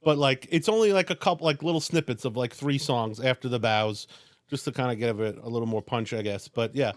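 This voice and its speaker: A man's voice: medium pitch, fairly quick, dry recording, clean studio sound. A man who acts on stage, a guest in casual chat, self-deprecating and trailing off with fillers.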